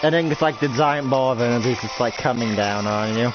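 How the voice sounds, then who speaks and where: A man's voice: mid-range voice, fast. A man improvising roleplay narration, rambling and full of filler, over dull lo-fi audio with music behind. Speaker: roleplay storyteller.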